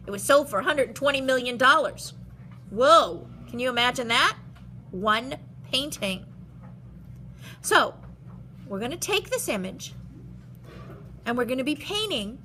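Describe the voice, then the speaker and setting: A woman art teacher leading a step-by-step drawing lesson for young children, animated and expressive, explaining in simple words. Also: high-pitched, slight background noise.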